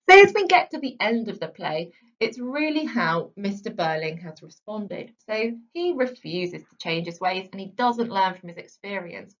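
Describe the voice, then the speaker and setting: Brief: woman teacher, mid-pitched voice, steady explanatory delivery with stressed key words, dull lo-fi sound. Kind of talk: literature lesson.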